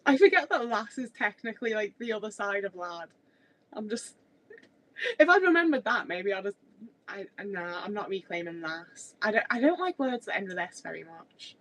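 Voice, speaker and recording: A woman's voice: mid-range voice, animated, normal speed, a bit bright, rough recording. A woman, chatting casually on a livestream in a rambling way with many filler words. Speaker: streamer.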